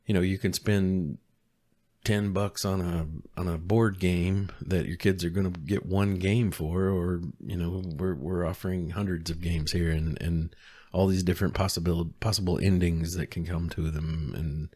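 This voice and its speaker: A man's voice: deep voice, fairly even intonation, moderate pace, mellow, no echo. A middle-aged man co-hosting a podcast in casual chat, hesitant and full of restarts and fillers. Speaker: podcast co-host.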